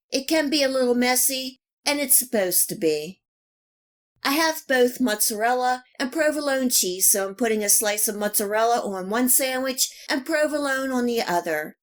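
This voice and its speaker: This cooking channel host's voice sits on the high side as she calmly lays out recipe instructions one step at a time. It's a scripted voice-over with an even delivery.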